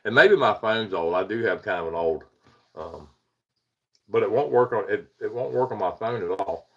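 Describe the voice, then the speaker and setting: On a muffled recording, a man with a lowish, creaky, slightly bright voice talks expressively at a moderate pace. He hosts a casual paranormal livestream from the Eastern United States, rambling, welcoming viewers by name, and often chuckling at himself.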